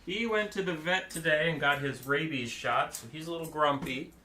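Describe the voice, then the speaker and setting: A man's voice: a little high, normal speed, bright, forceful tone. A man streaming a strategy game live, chatting casually and playfully and slipping into baby talk with his pets.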